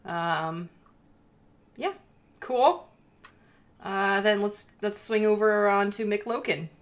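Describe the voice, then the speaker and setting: A woman's voice: medium pitch, slow pace. A woman hosting as game master of a tabletop horror game, upbeat and wry, often laughing.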